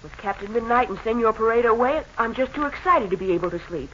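An actor playing an excitable young girl in a 1930s radio serial, with a breathless, excited manner. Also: mid-range voice, quick pace, natural voice. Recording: dull old radio transcription with faint noise.

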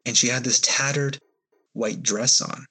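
A man's voice: medium pitch, fairly even intonation, a little slow, sharp tone, slightly rough, faint music behind. A man, a guest on a podcast, tells a personal story in a hesitant, rambling way with many fillers. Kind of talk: storytelling in an interview.

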